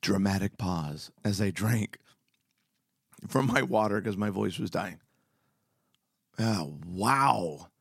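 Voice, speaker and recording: A man's voice: lowish voice, animated, slow pace, pauses often, fairly bright tone, breathy edge, dry recording, studio quality. A man giving a casual, earnest devotional talk as a preacher, with slangy, emphatic asides.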